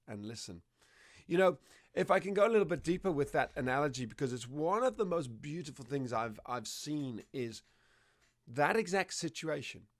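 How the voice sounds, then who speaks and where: A man explaining dog behavior as a trainer, telling lively stories and acting out what dogs and owners say. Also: mid-range voice. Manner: animated storytelling, acts out dog and owner voices. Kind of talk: conversational explanation.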